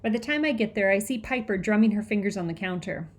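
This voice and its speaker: A woman's voice: medium pitch, fast. Woman, audiobook narrator, first-person storytelling, tense and breathless. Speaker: audiobook reader.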